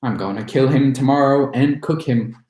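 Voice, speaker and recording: A man's voice: medium pitch, normal speed, warm tone, close to an everyday voice. A man reading the lines of a wicked old witch who scolds and gives orders impatiently. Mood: scolding. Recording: roomy echo.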